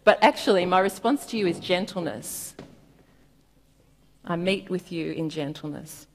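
A woman giving a gentle, reflective sermon, reading scripture and laughing softly now and then. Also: on the low side, measured pace, breathy edge. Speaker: preacher. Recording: long reverb in a hall.

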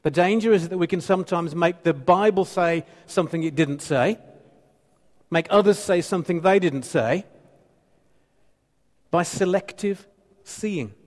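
A man's voice: high-pitched, a little slow, long reverb tail. A man in his fifties, a pastor preaching a sermon, playful and teasing with the congregation and repeating phrases for emphasis. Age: 50s.

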